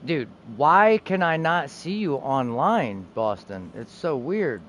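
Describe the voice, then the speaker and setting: A man's voice: fairly high pitch, very animated, takes it slowly, a bit bright, slight background noise. A young man streaming a game, chatting casually, trailing off and swearing now and then. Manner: laid-back, swears casually, trails off mid-sentence. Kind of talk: casual gaming stream chat.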